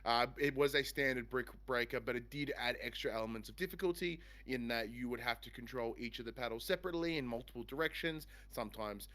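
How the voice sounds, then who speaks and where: A man's voice: mid-range voice, fast talker, few pauses, fairly bright tone. A man hosting a casual game review chat, talking in a rambling, enthusiastic way. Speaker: podcast host.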